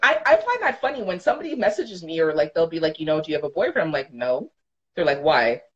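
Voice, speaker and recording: A woman's voice: deep voice, sing-song, fast talker, slightly rough, dull audio. A woman in her thirties co-hosting a podcast, talking frankly and emphatically, swearing freely in casual chat. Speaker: podcast co-host.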